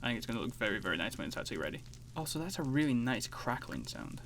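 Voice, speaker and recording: A man's voice: mid-range voice, very animated, racing, a bit bright, slight background noise. A man giving let's play commentary, talking to himself and mocking his own mistakes in an exasperated, self-deprecating way. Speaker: gaming YouTuber.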